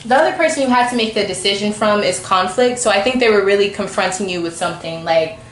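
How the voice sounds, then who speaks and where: A woman's voice: medium pitch, fast talker, fairly bright tone. A woman giving a casual, informal tarot reading to camera, chatty and talking straight to the viewer. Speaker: tarot reader. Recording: echoey room, faint background noise.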